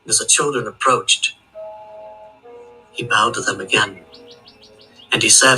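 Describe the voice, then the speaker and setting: Bright-voiced male storyteller. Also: fairly low pitch, steady tone, unhurried, soft background music, rough recording. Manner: rhythmic, with long chains of "and". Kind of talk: oral folk tale telling.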